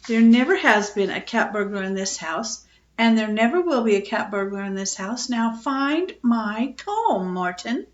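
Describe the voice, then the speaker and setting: A woman voicing an exasperated mother scolding her son, with a high, sharp voice. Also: sing-song, unhurried, reverberant, highs cut off.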